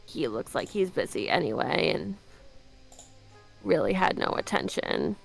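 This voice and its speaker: A woman's voice: deep voice, very animated, a little slow, gravelly, husky, soft background music. A woman playing a tabletop game, who animatedly narrates what her character does. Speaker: player.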